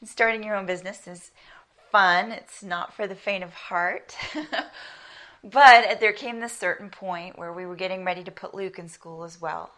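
A woman preaching a conversational sermon. She tells stories with animation, laughs lightly as she talks, and drops to a soft whisper for emphasis. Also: mid-range voice, normal speed. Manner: laughs lightly while speaking. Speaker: women's Bible teacher.

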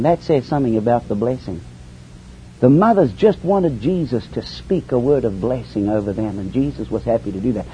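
Preacher man with a lively, swooping voice. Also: breathy edge. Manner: swings from hushed lows to soaring highs. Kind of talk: sermon. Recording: dull lo-fi sermon recording with faint hiss.

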